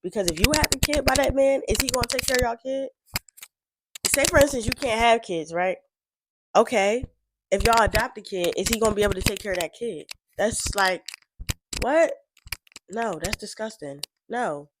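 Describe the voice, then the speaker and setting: A woman's voice: fairly high pitch, normal speed, noisy background. A woman giving casual reaction commentary, rambling and frank, full of fillers. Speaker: reaction vlogger.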